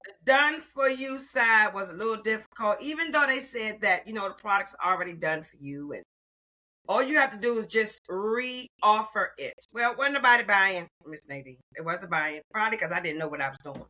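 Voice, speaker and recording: A woman in her sixties telling her story as an interview guest, expressive and calling the listener "honey.". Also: medium pitch, normal speed, low-quality recording. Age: 60s. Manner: expressive, warm endearments like "honey". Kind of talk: animated personal storytelling.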